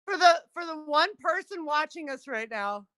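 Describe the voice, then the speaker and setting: A woman's voice: high voice, lively intonation, moderate pace, bright, forceful tone, dry recording, clean studio sound. A woman co-hosting a podcast, playful and teasing in casual chat. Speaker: podcast co-host.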